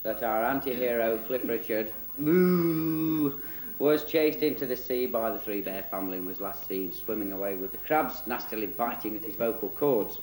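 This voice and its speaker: A man's voice: mid-range voice, moderate pace, darkish tone, slight background noise. Cheeky man spoofing a kids' story. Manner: cheeky, giggly, mock storybook tone. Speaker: presenter and storyteller. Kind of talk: comic spoof children's story. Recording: roomy echo.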